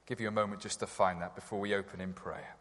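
A man preaching a sermon in church, gentle and reflective, with some hesitant fillers. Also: low-pitched, steady tone, fast talker. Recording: long church reverb.

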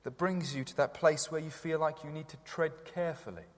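A man preaching a sermon in church, gentle and reflective, with some hesitant fillers. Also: a little high, fairly quick. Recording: long church reverb.

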